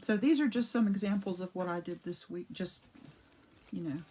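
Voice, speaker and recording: Woman, casual live craft demo, chatty, rambling, cough drop in mouth, mid-range pitch, home art studio. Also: normal speed, dark tone, slightly rough, low-quality recording. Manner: chatty, greets viewers by name mid-demo; rambling, with frequent restarts and asides. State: talking around a cough drop.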